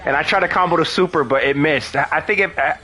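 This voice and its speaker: A young man giving excitable live commentary while playing a fighting game, swearing and yelling often. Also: a little high, quick pace, breathy edge. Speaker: gaming streamer.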